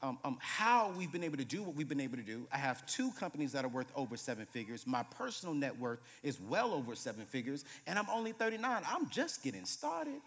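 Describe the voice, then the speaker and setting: A man in his late thirties, a guest preacher telling humorous stories in a sermon, moving between loud bursts and hushed moments. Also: medium pitch, big pitch swings, fast talker, few pauses. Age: 30s. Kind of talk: sermon with storytelling. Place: church sanctuary. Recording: reverberant church hall.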